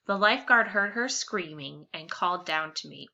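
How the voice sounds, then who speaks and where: Brief: a bright-voiced woman teacher reading a picture book to kids, animated and expressive, on a lo-fi recording. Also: fairly low pitch, moderate pace, creaky. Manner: warm, expressive, animated storytelling. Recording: slightly dull lo-fi with faint hiss.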